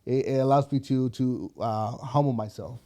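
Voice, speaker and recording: A man speaking as a guest on a talk show, earnest and halting, often restarting and filling with "you know". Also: medium pitch, warm tone. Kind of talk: casual interview conversation.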